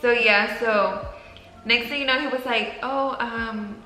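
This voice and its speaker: Young woman chatting away, animated, laughing, bright voice, echoey room w faint music. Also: a little high, unhurried. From Mexico. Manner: animated, laughing, acts out quotes. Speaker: vlogger telling a story with her partner. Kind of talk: casual storytime chat.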